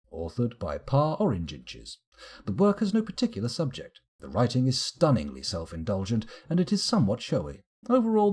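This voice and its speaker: A British man streaming a game live, reading in-game text aloud slowly and adding dry, sarcastic asides. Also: medium pitch, warm tone, breathy edge. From United Kingdom.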